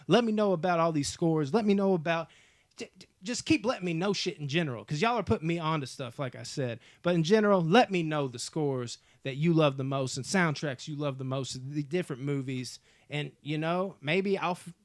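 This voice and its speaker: A man talks films at home in a fired-up, loose way, full of slang and cursing and calling his viewers y'all. His voice sits a bit higher than most men's. The sound is dry and close, with no room echo. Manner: enthusiastic, slangy and profane, addresses viewers as y'all. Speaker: movie vlog host. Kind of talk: casual movie talk to viewers.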